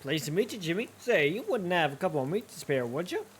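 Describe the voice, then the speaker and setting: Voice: mid-range voice, sing-song, quick pace, a little hiss or hum, natural voice. A streamer doing a drawling old hobo. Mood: easygoing. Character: cheerful old male hobo, easygoing.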